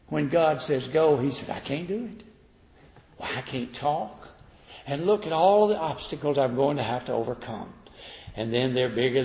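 An older man preaching a sermon in a folksy, animated storytelling manner, acting out the voices he quotes. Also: mid-range voice, creaky. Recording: roomy hall reverb, dull lo-fi sound.

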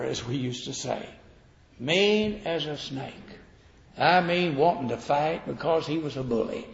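Folksy gravelly older preacher in a hall. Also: male voice, a little high. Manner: folksy, animated storytelling that acts out quoted voices. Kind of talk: sermon. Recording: roomy hall reverb, dull lo-fi sound.

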